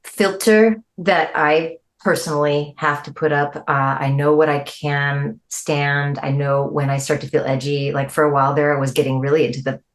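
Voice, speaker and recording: A middle-aged woman, a guest musician, chatting in an interview, animated and quick to laugh, her voice jumping up when she quotes people. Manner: animated, jumps high when quoting people, laughs easily. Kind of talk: casual interview chat.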